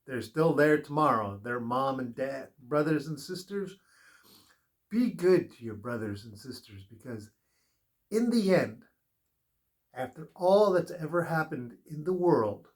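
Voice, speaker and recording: A man's voice: on the high side, lively intonation, measured pace. A man giving a spiritual tarot reading in an earnest, rambling, advice-giving way, drifting into personal stories. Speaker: tarot reader.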